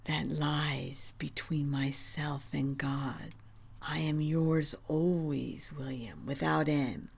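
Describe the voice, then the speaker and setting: A woman reading the lines of a loving, spiritual young wife, soft and earnest in manner. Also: deep voice, steady tone, takes it slowly, gravelly, breathy edge, full character voice. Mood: soft, reverent.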